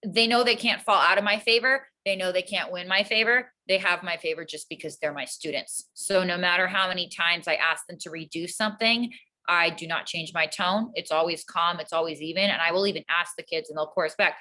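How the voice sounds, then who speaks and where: A woman teacher with an earnest, calm manner, explaining her classroom routines in a casual interview. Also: fairly low pitch, a little fast, poor audio. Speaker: teacher, guest.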